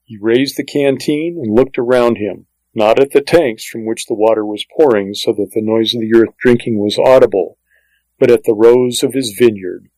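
Steady male audiobook narrator. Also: mid-range voice, moderate pace, dry recording, low-quality recording.

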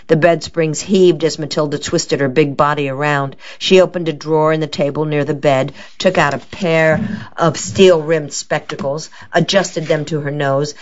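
A woman narrating a detective novel in steady, measured scripted narration, on a dull lo-fi recording. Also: deep voice. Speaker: audiobook narrator.

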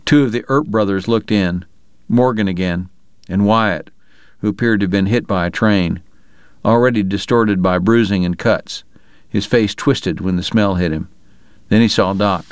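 A man narrating a novel in a measured, even reading. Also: lowish voice, clear, resonant tone, dry recording, clean studio sound. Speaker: audiobook narrator. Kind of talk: scripted narration.

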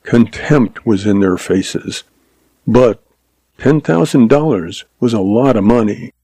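Low-voiced man reading a western tale. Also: lively intonation, warm tone, husky, dry recording, poor audio. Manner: measured, dramatic reading. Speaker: narrator. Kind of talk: scripted narration of a western story.

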